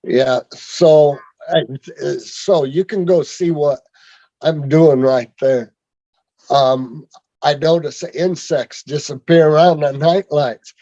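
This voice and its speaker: A man telling his own story on a video call in a rambling, halting way, with many fillers and restarts. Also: fairly high pitch, mellow, dry recording. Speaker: speaker sharing his story. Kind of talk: rambling personal testimony. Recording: dull lo-fi video call audio.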